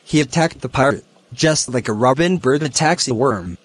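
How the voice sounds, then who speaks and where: A man teaching a poem, explaining its lines and word meanings slowly and deliberately. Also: mid-range voice, lively intonation. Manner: slow, deliberate, glossing words one by one. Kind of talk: educational explanation.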